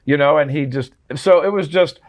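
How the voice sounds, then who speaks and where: A man's voice: on the high side, moderate pace. Earnest man in his sixties. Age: 60s. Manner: earnest, heartfelt storytelling with frequent restarts. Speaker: drummer and memoir author, guest. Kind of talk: interview conversation.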